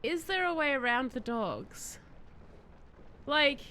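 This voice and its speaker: A woman streaming a game, possibly, chatting excitedly and answering her chat as she plays. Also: high-pitched, takes it slowly, slight background noise. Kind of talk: live-stream gameplay chat.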